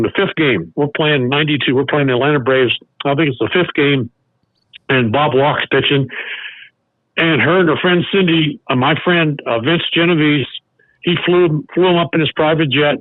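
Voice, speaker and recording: An older man, a former baseball coach, tells a personal story as a podcast guest, halting and restarting often. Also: on the high side, dry recording. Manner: halting, with many restarts and fillers. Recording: narrow phone-like sound.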